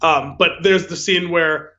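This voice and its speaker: Bright-voiced man rambling on a podcast. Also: a little high, steady tone, unhurried, highs cut off. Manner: rambling, filler-heavy storytelling with frequent "like" and "um". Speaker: podcast co-host. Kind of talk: casual podcast chat.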